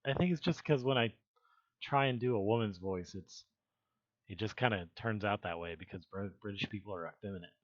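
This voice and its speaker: Streaming from a basement room, a man with a low-ish voice talks briskly in a muffled recording with no room sound, wearing headphones and using a desk mic. He chats casually, reads from his chat, jokes around, and tries out goofy British voices.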